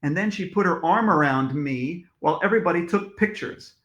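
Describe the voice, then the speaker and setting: A man, an author, reading his own storybook aloud to children in a lively, expressive manner. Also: a little high, brisk. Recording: echoey room.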